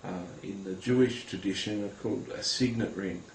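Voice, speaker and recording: A man telling a personal religious testimony to camera, earnest and halting, with many hesitations, speaking directly to viewers. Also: lowish voice, slight background noise. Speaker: Christian recounting a vision. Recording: roomy with faint ambience.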